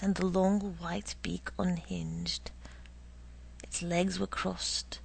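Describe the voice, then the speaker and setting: A woman narrating a story in a slow, hushed way, often dropping to a whisper. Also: on the low side, gravelly, husky, rough recording.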